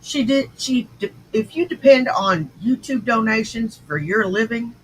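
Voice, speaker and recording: A woman's voice: a little high, animated, unhurried, slight background noise, rough recording. A woman hosting a livestream, reacting to clips with scornful, insulting commentary. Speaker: stream host reacting to clips.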